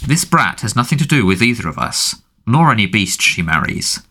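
A man's voice: fairly low pitch, big pitch swings, normal speed, sharp tone, full character voice. A man voicing a fanatical adult witch who speaks fervently and imploringly. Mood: indignant.

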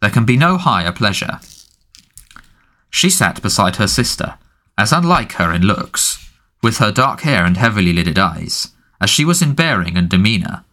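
Bright, animated male audiobook narrator. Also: on the low side, moderate pace. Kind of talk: scripted fantasy narration.

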